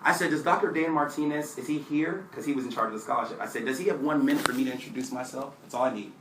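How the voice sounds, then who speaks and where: A man telling a lively story to a live audience and acting out the dialogue. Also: medium pitch, very fast. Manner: animated, acts out dialogue from his story. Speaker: admissions director giving a talk. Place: large hall with an audience. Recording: roomy hall, voice from far off, noisy.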